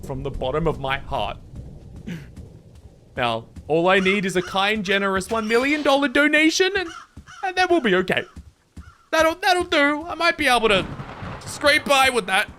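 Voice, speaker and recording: Animated, goofy male gamer. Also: very high voice, normal speed, slight background noise. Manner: goofy, dramatic, self-mocking. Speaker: gaming video creator. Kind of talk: let's-play commentary.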